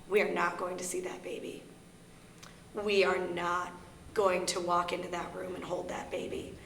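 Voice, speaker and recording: A woman with a Minnesota accent speaks earnestly and openly to a gathered audience, her voice set at a middle pitch. She is recorded in a roomy, echoing library space. A faint hum sits under her voice. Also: fairly bright tone. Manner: earnest, candid storytelling with shifting emphasis. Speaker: guest speaker on grief. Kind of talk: personal talk to an audience. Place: library meeting room. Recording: echoey room with faint hum.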